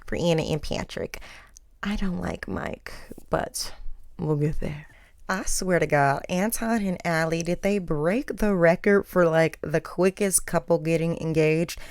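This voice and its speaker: A woman's voice: low-pitched, smooth, no echo, clean studio sound. A woman hosting a podcast, giving chatty, opinionated pop culture commentary full of filler words. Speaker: podcast host.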